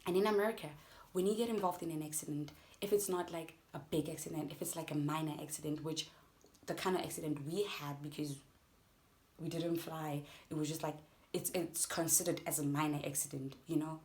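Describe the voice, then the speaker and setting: Animated young South African woman vlogger. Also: low-pitched, fairly quick. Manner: animated, addresses viewers as guys. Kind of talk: storytime vlog.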